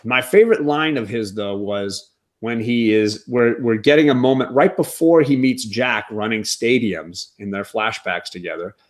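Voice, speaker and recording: A man hosting a casual TV recap chat, talking in an animated, wry way with quick asides. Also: medium pitch. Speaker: podcast host.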